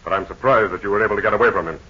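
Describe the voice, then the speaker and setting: A man playing an authoritative hero captain in a 1930s radio serial, with a brisk, commanding manner. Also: on the low side, sharp tone, breathy edge. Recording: dull old radio transcription with faint noise.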